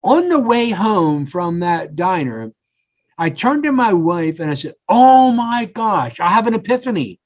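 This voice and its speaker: A man's voice: sits high, normal speed. An older man, a coach and podcast guest, telling personal stories in a casual interview and acting out the quoted voices. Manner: animated storyteller, acts out quotes. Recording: slightly dull lo-fi audio.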